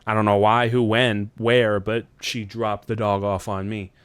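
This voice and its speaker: A man on a podcast tells a rambling dream story in a smooth, clear voice. He swears freely, laughs often, and jumps up in pitch whenever he acts out what someone said. The sound is dry and close, with no room echo. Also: level tone, a little slow, a bit bright. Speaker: podcast host. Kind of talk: casual chat, telling a dream story.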